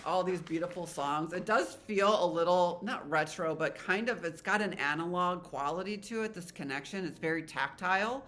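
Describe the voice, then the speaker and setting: A woman's voice: lowish voice, normal speed, few pauses, fairly bright tone. A woman giving a casual tarot reading to her viewers, chatty and rambling, with an emotional, spiritual manner. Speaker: tarot reader.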